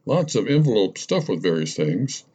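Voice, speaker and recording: Man reading as a chatty middle-aged lady, lively husky delivery, rambling list. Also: fairly low pitch, moderate pace. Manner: rambling, breathless list-making. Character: chatty middle-aged woman listing her purse contents. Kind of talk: storytelling narration.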